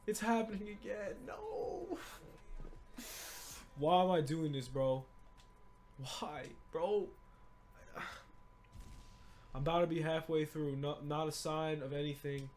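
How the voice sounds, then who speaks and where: A young man giving excited, pleading commentary while opening game card packs, swinging from low mutters to loud shouting. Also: unhurried, pauses often, a little hiss or hum. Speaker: gaming YouTuber.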